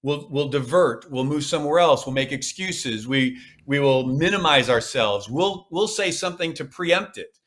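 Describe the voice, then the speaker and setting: A man's voice: a little high, lively intonation, normal speed, a bit bright. A man speaking as a podcast guest, coaching with emphatic, repeated phrases. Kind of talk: podcast interview.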